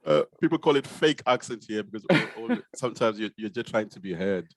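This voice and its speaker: A middle-aged man with a Zimbabwean accent that years in the UK have smoothed, speaking in a fairly low voice. He tells his story casually and pokes fun at himself, with many fillers and restarts. He is recorded on a dry, close mic. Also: fairly quick, dry recording. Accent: Zimbabwean, softened by years in the UK. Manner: relaxed, self-deprecating, many fillers and restarts. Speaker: guest, consultant pediatrician.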